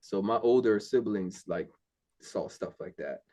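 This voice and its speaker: A man's voice: on the low side, unhurried, warm tone. A young man telling his faith story in casual talk, candid and earnest, with many fillers. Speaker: interview guest. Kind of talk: casual testimony.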